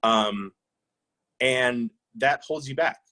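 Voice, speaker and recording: A man's voice: medium pitch, very slow, sharp tone, poor audio. A man in his thirties or forties, answering interview questions in a reflective, anecdotal way with many fillers and restarts. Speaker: author being interviewed.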